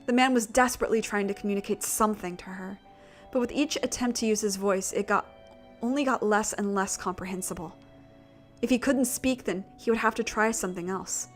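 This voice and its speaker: A woman narrating a gothic visual novel in a steady, measured reading voice. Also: mid-range voice, faint music behind. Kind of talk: story narration.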